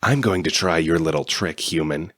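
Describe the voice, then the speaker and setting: A man voicing a mocking, sneering shape-shifting alien villain in a deep voice. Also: normal speed, a bit bright, no room sound, studio quality.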